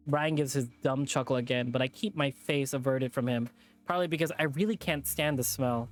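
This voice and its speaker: A man's voice: medium pitch, fairly quick, faint music behind. Man reading a visual novel aloud. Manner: plain narration with off-script asides.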